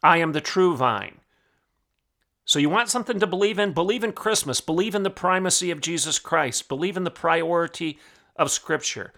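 A man's voice: high voice, a little fast, creaky, fairly bright tone. A man hosting a podcast, preaching in emphatic, repetitive declarations. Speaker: podcast host.

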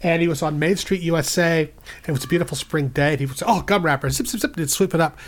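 A man's voice: on the high side, racing. A man, a guest podcast host, improvising a playful bedtime story and acting out the characters' lines in raised voices.

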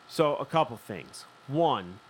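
A man from Philadelphia telling a long story in casual chat, profane and animated. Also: mid-range voice, slight background noise, rough recording. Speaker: podcast host telling a story.

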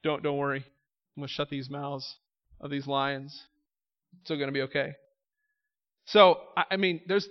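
High pitched guy preaching, reads the bible then gets loud and fired up, muffled recording. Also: in a large hall. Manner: reads scripture then comments, swings from soft asides to loud emphatic calls. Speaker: pastor. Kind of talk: sermon.

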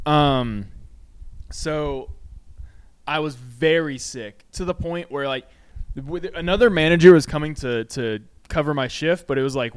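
A man's voice: fairly high pitch, unhurried, clear, resonant tone. A man co-hosting a podcast, telling retail stories in casual, profane chat full of fillers. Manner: profane, animated anecdote-telling with many fillers. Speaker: podcast co-host. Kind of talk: casual storytelling. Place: home studio.

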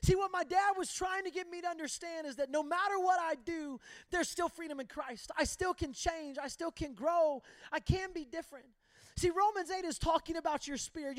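A man's voice: very high-pitched, moderate pace, no room sound. A man preaching a sermon, emphatic and impassioned, telling personal stories.

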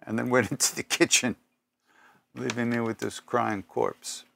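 An older man giving a spiritual talk, telling personal stories in an unhurried, reflective way with pauses and self-corrections. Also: medium pitch, steady tone, gravelly, a bit bright, no room sound. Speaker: spiritual teacher.

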